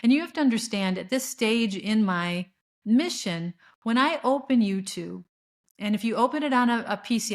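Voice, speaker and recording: A middle-aged woman hosting a spiritual podcast, talking in an earnest, rambling way with fillers and restarts. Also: mid-range voice. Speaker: podcast host. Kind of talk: spiritual monologue.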